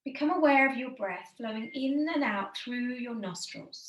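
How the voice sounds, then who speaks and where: A woman with a slightly high voice leads a guided breathing session, speaking slowly and soothingly. Her gentle instructions carry a noticeable room echo. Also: expressive. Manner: slow, soothing, gently encouraging.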